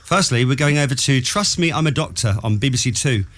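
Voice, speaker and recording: A man's voice: mid-range voice, expressive, brisk, fairly bright tone. A man hosting a radio comedy game, teasing and upbeat in studio banter. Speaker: radio show host. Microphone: studio mic.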